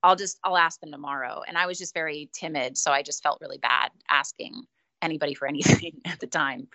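Low-voiced woman, chatty storyteller. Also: steady tone, brisk, bright, forceful tone. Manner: chatty, laughs often, self-deprecating. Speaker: street performer guest. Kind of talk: casual interview storytelling.

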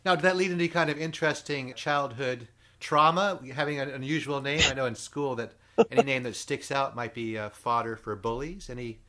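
A man's voice: mid-range voice, brisk, a crowd in the background. A man in his fifties hosting an interview, asking questions in a wry, joking way. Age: 50s. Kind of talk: casual interview.

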